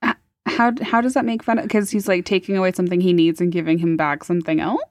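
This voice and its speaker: A woman co-hosting a casual chat, laughing often and reacting quickly. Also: fairly low pitch, fairly even intonation, a little mellow, dry recording, clean studio sound. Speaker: podcast co-host.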